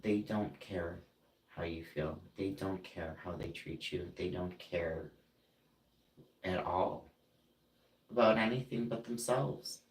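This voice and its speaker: A man venting about friends who hurt him, indignant and halting, with frequent fillers and restarts. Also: low voice. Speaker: vlogger. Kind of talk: emotional personal vent. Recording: roomy, distant from the mic.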